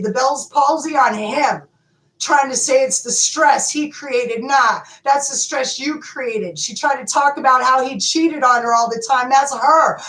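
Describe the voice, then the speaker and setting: High-voiced woman ranting in anger. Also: fairly bright tone, reverberant, rough recording. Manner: angry, profane, repeats phrases for emphasis. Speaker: advocate calling for justice. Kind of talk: impassioned direct-to-camera rant.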